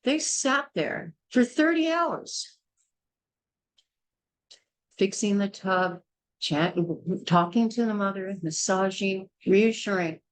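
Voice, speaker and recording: An older woman, a midwife, gives a blunt and forceful childbirth class lecture, scolding and repeating herself. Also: mid-range voice, lively intonation, slow, pauses often, low-quality recording. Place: small indoor class.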